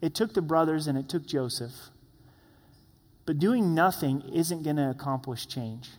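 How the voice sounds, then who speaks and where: A man's voice: on the high side, a little slow, darkish tone, big-room sound. A man preaching a sermon, earnest and direct, acting out the lines of the people in his story. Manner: earnest, acts out quoted voices. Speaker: pastor.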